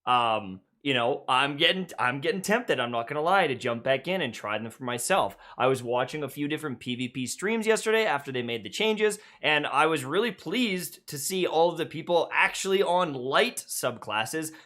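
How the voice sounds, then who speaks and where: Upbeat, bright-voiced male podcast host. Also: a little high, expressive, normal speed, hardly any pauses. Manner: upbeat, hyped show-opener delivery. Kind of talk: casual gaming podcast chat.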